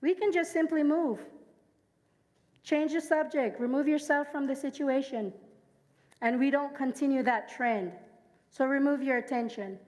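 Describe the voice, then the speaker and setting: A Jamaican woman with a high voice delivers a sermon full of personal stories. She keeps asking the congregation to join in and repeat her words. Her voice carries with a long reverb through an echoey church hall. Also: unhurried, long pauses, darkish tone. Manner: engages the congregation, asks them to repeat lines; personal storytelling. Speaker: speaker at a church service.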